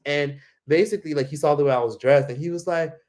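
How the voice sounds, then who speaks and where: Talking quickly in a fairly high, slightly mellow voice, this American man tells a travel story. He's a travel vlogger, and his delivery rambles along loosely, heavy on filler words and profanity.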